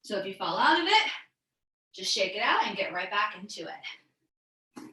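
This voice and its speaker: Female yoga instructor, bright upbeat cueing, a little breathless, echoey room. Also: medium pitch, sing-song, measured pace. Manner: upbeat, encouraging, calls out breaths and poses. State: a bit out of breath. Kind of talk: live online yoga class cues.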